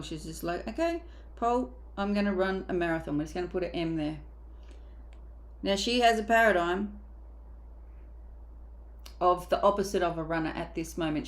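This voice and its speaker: A woman mindset coach giving a motivational coaching talk, emphatic and casual, sometimes acting out inner voices. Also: on the low side.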